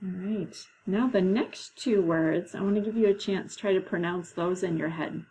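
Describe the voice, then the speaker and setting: A woman teacher leading a classroom lesson, explaining patiently and slowly, with frequent "okay"s. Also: lowish voice, mellow, slight background noise, poor audio. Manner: slow, patient, drawn-out explanations.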